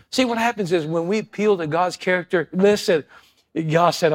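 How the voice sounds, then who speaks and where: In a brisk, high voice, a male preacher shifts from hushed prayerful speech to loud, fervent passages, acting out his stories in character voices.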